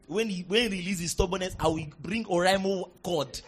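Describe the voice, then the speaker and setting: A man with a Nigerian accent preaching a sermon, moving from soft asides to shouted declarations. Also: high-pitched, normal speed, breathy edge.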